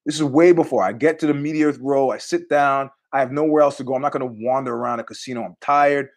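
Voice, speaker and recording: A middle-aged man hosting a podcast, telling rambling stories in a casual, animated way, laughing often and swearing freely. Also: mid-range voice, quick pace. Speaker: podcast host.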